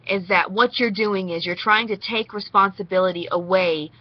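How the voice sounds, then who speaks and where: A woman's voice: mid-range voice, fairly even intonation, normal speed, no echo, lo-fi sound. Rambling Southern young woman vlogging. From Nashville, Tennessee. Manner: rambling, talks straight to the viewer. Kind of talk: casual response vlog.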